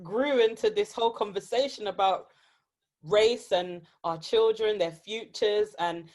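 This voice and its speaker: British woman hosting a podcast on a video call, excited, talks slow. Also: medium pitch. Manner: excitable, laughs often. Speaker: podcast host. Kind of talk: casual chat over video call.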